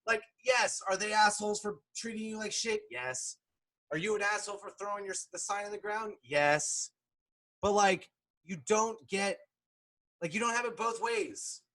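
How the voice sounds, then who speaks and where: A man giving sarcastic, profane reaction commentary, swinging between low mutters and loud outbursts. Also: moderate pace.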